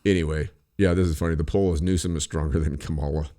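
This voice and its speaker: A man co-hosting a podcast, chatting casually in a loud, profane, ranting way and mocking other people's voices. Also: very deep voice, steady tone, quick pace. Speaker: podcast co-host. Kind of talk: casual chat.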